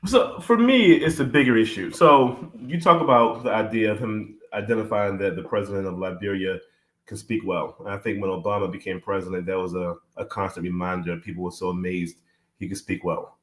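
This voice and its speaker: A man's voice: sits low, fairly quick, reverberant. A man talking things over in a casual discussion, thoughtful and full of fillers. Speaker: podcast guest.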